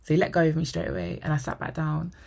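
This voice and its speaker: A young woman vlogger telling a personal story to camera, animated and acting out the dialogue. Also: deep voice, quick pace, gravelly. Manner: animated, acts out quoted dialogue; drops to a whisper for inner thoughts. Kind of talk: storytime monologue.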